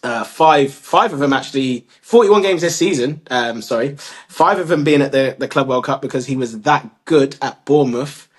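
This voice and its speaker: A man's voice: medium pitch, normal speed. A man co-hosting a casual podcast, rambling through his points with restarts and casual slang. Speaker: podcast co-host. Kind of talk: casual chat.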